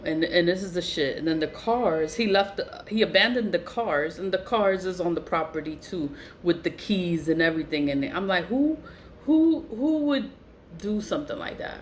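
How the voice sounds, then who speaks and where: A woman, telling a family story to her viewers in a blunt, animated way and swearing freely. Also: a little hiss or hum. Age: 40s. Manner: animated, blunt, swears freely, voice jumps high when incredulous. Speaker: vlogger. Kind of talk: casual storytelling to camera.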